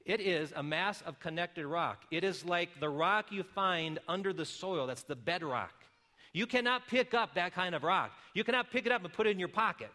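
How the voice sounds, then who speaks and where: A middle-aged man preaching a sermon, explaining calmly and then rising to loud, emphatic calls. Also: fairly high pitch. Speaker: pastor.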